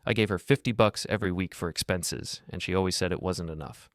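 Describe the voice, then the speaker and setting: A middle-aged man narrating a first-person story in a steady, grave, measured way. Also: sits low, no echo, clean studio sound.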